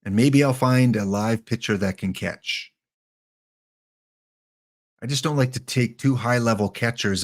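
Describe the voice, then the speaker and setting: Here a livestreamer with a low-leaning, vocal-fry voice talks through his game live. As he selects players he thinks out loud and mutters their names, breaking off now and then for friendly remarks to the chat.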